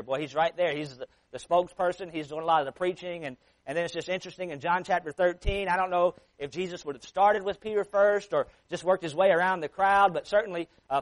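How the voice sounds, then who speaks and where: A man preaching a sermon, reading scripture aloud slowly and with emphasis, then explaining it in a plain conversational way with frequent restarts. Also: fairly high pitch, poor audio. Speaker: pastor.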